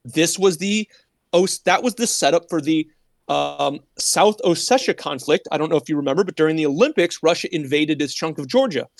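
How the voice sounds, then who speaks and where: A man's voice: on the high side, normal speed, gravelly, no room sound. A man hosting a political commentary show, retelling events in a rambling, casual way, with many restarts and quoted asides.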